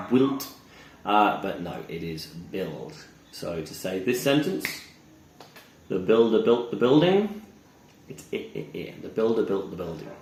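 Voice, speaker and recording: A man teaching English pronunciation, slowly modeling words and repeating examples. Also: lowish voice, darkish tone, slight background noise. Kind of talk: pronunciation lesson. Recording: echoey room with faint ambience.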